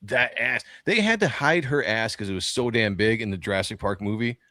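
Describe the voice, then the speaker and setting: A man's voice: lowish voice, lively intonation, brisk, bright, forceful tone, no echo. A man hosting a livestream, joking crudely and reading chat messages aloud. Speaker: livestream host. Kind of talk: casual livestream banter. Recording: dry close mic.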